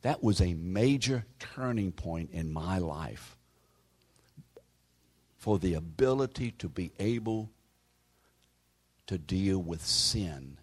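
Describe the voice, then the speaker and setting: A male pastor preaches to his congregation with a low, husky voice. He talks to them conversationally and calls out listeners by name. At times he sinks into a hushed whisper to drive a point home. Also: animated, slow pace, pauses often. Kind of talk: sermon.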